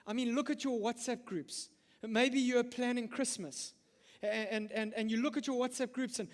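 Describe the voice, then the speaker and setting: A middle-aged man delivers a sermon in a high, bright voice that rings through a church hall with a long reverb. He presses his points hard, tripping over his words and restarting them as he goes. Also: fairly even intonation, normal speed. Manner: emphatic, frequent stammered restarts. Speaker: pastor.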